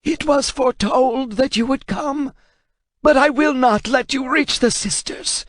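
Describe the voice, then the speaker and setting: A man voicing a terrified male translator with a raspy voice, pleading and strained with fear. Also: very high voice, unhurried, fairly bright tone, no room sound, clean studio sound, voice pushed up, full character voice. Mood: frightened.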